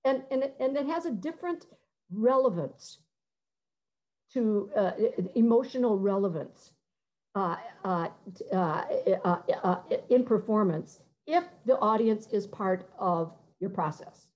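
A middle-aged woman composer giving a conversational talk, halting and searching for words, sometimes singing short phrases to demonstrate. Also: mid-range voice, lively intonation, a little mellow, poor audio. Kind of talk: conversational talk with many fillers and restarts.

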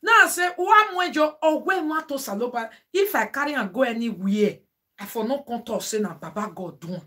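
Nigerian Pidgin-speaking woman, bright, forceful tone, emphatic preachy vlogger. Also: on the high side, expressive, brisk. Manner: preachy, sermonizing asides; emphatic, exclaiming. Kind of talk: casual monologue to viewers.

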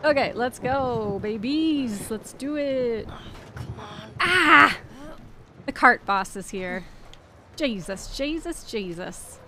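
A woman's voice: a little high, lively intonation, slow pace, fairly bright tone, a little hiss or hum. A woman streaming a game, reacting with jumpy screams, swearing and laughter. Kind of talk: live gameplay reactions.

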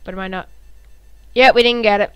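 A woman hosting a gaming channel, giving live gameplay commentary in an excitable, reactive way, cursing and humming little tunes. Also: mid-range voice, brisk, clear, resonant tone, no echo, rough recording.

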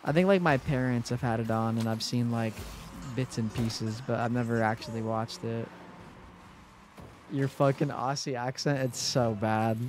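A man's voice: mid-range voice, normal speed, slight background noise. A man in his twenties streaming a game live, chatting casually with his viewers and swearing freely. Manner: chatty, swears freely, addresses chat directly. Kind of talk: casual live-stream chat while gaming.

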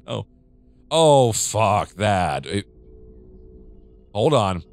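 An American man talks over a horror game in a rambling, foul-mouthed stream of commentary. His pitch leaps all over the place as he reacts. The sound is dry and close, with no room around it. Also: sing-song, normal speed, no room sound. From United States. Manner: rambling, profane, jumpy reactions. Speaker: gamer. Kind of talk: let's play commentary.

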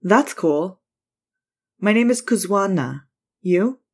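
A woman's voice: medium pitch, lively intonation, slow pace, husky, pitched above the performer's own voice, full character voice. A woman voicing a friendly, curious teenage boy surfer from South Africa in a story reading.

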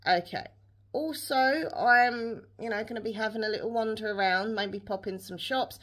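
A woman's voice: fairly high pitch, moderate pace, a bit bright. A young woman, chatting casually to camera in a rambling day-in-the-life vlog, full of fillers and restarts. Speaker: vlogger.

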